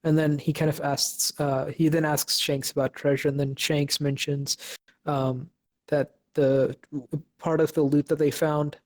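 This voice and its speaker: Young man, podcast co-host, casual recap, halting with fillers, flat delivery. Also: a little high. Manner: hesitant, many fillers and restarts.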